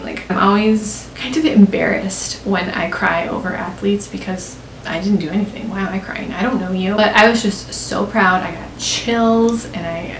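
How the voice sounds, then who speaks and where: A young American beauty vlogger with a mid-range, gravelly voice chats in a gushing, talkative way, peppering her speech with "like." The recording sounds roomy, with faint hiss.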